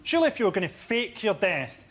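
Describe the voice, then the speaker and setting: A man delivering deadpan stand-up one-liners. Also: high-pitched, fast. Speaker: comedian. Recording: studio with audience noise.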